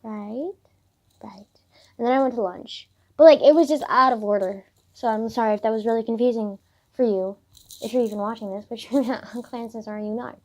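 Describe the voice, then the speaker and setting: A woman's voice: on the high side, a little fast, darkish tone. A teenage girl vlogging a rambling story about her school day, chatty and full of fillers and swearing. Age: teens.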